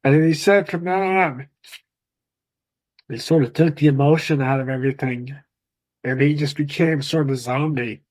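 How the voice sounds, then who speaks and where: A man's voice: on the high side, fairly even intonation, moderate pace, long pauses, a little mellow, poor audio. A man recounting his father's story in a casual, emotional way as an interviewee. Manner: emotional, retelling intensely. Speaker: interviewee, son of the subject.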